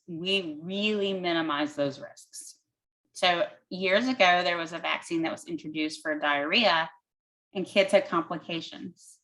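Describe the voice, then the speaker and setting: Low-voiced woman doctor explaining plainly. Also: fairly bright tone, rough recording. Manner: plain-spoken, explains step by step with everyday comparisons; thinks aloud with frequent "um". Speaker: physician answering audience questions.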